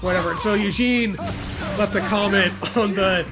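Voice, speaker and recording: A young man chatting casually over a video game, telling a rambling, halting story with crude jokes. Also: sits high. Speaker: gaming co-host. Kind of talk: casual chat over gameplay. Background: game music.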